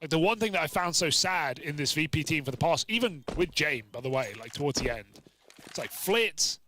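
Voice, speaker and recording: A man casting a live esports match, quick and chatty, bantering with his co-commentator. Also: a little high, lively intonation, sharp tone. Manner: quick, chatty, jokes with co-caster.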